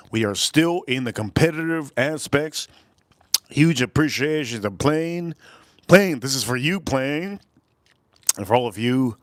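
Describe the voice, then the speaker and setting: Crude joking guy eating on a livestream, middle pitch, dry close sound. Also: dry recording. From Miami, Florida. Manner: rambling, crude, joking, talks with food in mouth. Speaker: livestream food reviewer. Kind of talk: casual live-stream chat while eating.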